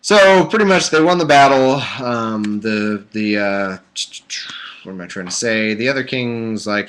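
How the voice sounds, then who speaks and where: Speaking slowly in a smooth, slightly bright, medium-pitched and animated voice, a livestream host reads from the Bible through a webcam or desk mic at home. He puts on a mock-solemn delivery and keeps interrupting it with sarcastic asides.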